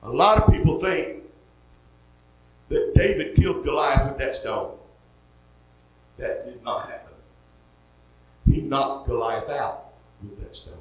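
A man's voice: mid-range voice, animated, slow pace, long pauses, very echoey, low-quality recording. A man preaching a sermon, retelling a story in a folksy way and acting out each character.

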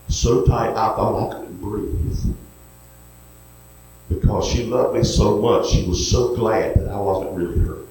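A man with a drawl delivers a sermon in a low voice. He tells stories in a folksy way and then pleads gently. The sound rings through a big, echoey hall with a faint hum of noise behind it. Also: vocal fry. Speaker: preacher.

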